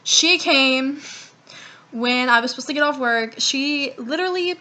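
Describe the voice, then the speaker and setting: A young woman talks straight to camera in a casual storytime vlog, her voice pitched high and sounding bright and clear. She rambles through a long personal story, swears freely and acts out the lines of everyone involved. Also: a little slow. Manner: profane, rambling, animated retelling with quoted dialogue. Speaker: vlogger.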